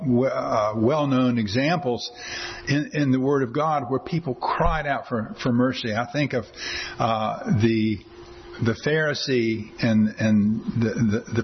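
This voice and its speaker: A man preaching a sermon in an earnest way, often repeating words and slowing down to quote scripture. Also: mid-range voice, a little hiss or hum. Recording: slightly dull lo-fi sound with faint ambience.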